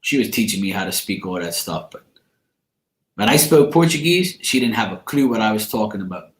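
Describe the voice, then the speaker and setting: Here the tarot card reader sounds fairly low but very animated, moving along briskly as he jokes, swears and speaks bluntly to stream viewers. He's tired after a long day, and the audio carries a roomy echo.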